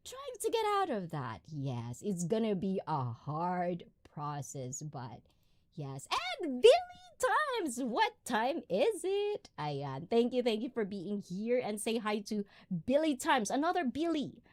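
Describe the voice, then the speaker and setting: Giggly woman chatting slowly. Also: medium pitch, big pitch swings, a little mellow. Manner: chatty and giggly, often trailing into laughter. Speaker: livestream host. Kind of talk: casual live-stream chat, reading viewer comments.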